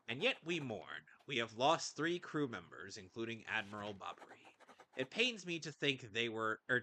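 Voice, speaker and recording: A man's voice: mid-range voice, sharp tone, slight background noise, heavily acted. A man voicing a pompous, dramatic rich merchant in a video game, with grand old-fashioned phrasing. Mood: mournful.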